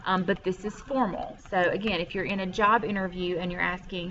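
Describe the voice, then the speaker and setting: A woman's voice: fairly low pitch, steady tone, fairly quick, few pauses, noisy background. Woman french teacher recording a lesson from home, patient, lots of ums, kinda dull lo-fi mic. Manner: patient, explains step by step with many ums. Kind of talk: recorded classroom lesson over a screen share.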